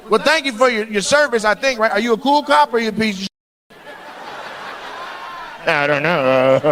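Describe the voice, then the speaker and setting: Brash high-voiced male comedian teasing. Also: expressive, moderate pace, long pauses, fairly bright tone, some chatter behind, slight background noise. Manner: teasing, brash, often laughing mid-line. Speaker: stand-up comedian. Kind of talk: crowd work stand-up. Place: comedy club stage before a live audience. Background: audience laughter and clapping.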